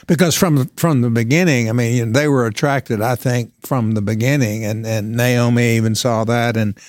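A man speaks in a mid-pitched voice during a Bible study discussion. He is thoughtful and cautious, often restarting sentences as he works through an idea. The sound is dry. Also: steady tone, moderate pace, a little mellow, dry recording.

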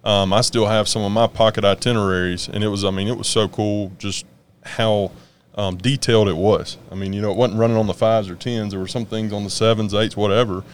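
Low-voiced guest, halting and laughing. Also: male voice, steady tone, a little hiss or hum. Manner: halting, laughing, many restarts. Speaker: guest, former college football player. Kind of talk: casual sports talk.

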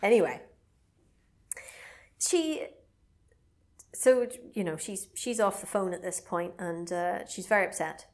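A woman's voice: on the low side, slow, long pauses. A woman, casually retelling a film plot on a podcast and swearing freely. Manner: animated storyteller, swearing and bursting into mock voices. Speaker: podcast co-host.

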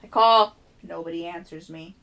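A woman's voice: lowish voice, normal speed, vocal fry, sharp tone. A woman hosting a podcast, telling an exasperated, profanity-laced story in casual chat. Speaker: podcast host.

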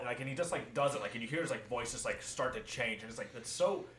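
A young man chatting on a podcast, excitable and rambling with lots of fillers. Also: medium pitch, fast. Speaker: podcast co-host. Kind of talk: casual chat. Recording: roomy echo with faint hiss.

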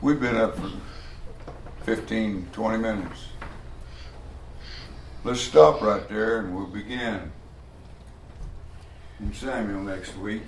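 A man's voice: on the low side, slow, pauses often. A man preaching a folksy, emphatic Bible study sermon, acting out the voices in his stories. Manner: folksy, emphatic, acts out quoted voices loudly. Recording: echoey room with faint ambient noise.

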